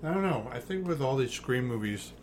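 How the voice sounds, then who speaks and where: A man's voice: mid-range voice, lively intonation, brisk, a little mellow, slight background noise. A man co-hosting a podcast in casual chat, speaking in a laid-back, hesitant way with many ums. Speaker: podcast co-host.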